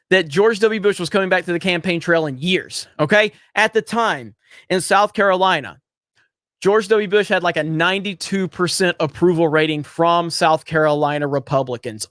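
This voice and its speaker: A man with a notably high voice rants through a livestream, heated and profane. He hammers his points with repetition and breaks off to read out viewer chats. The sound is dry and close, with no room echo. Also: moderate pace, a bit bright. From Florida. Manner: profane, heated and emphatic, repeats himself. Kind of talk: ranting political commentary.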